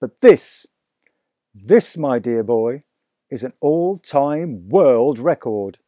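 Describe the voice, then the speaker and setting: A man reading aloud, voicing an excitable father in a children's storybook who exclaims in wonder. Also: mid-range voice, slow pace, no echo, clean studio sound. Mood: awed. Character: excitable delighted adult father.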